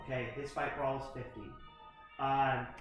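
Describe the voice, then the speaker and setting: Halting game master narrating horror. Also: male voice, medium pitch, flat delivery. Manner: halting, full of fillers and restarts. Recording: echoey room with music behind.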